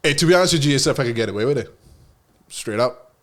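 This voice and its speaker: A man casually telling a story on a podcast, animated, repeating words and swearing casually. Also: medium pitch, fast talker. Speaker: guest storyteller.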